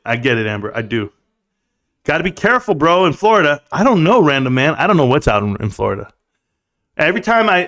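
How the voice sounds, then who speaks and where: A young man runs a casual livestream chat, his voice sitting a bit higher than most men's. He jokes crudely, laughs a lot and keeps calling everyone bro. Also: a bit bright. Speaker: livestream host.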